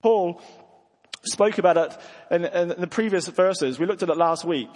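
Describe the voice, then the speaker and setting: A man's voice: sits high, normal speed, a little mellow. A man preaching a sermon in an earnest manner, often restarting his words. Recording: long hall reverb.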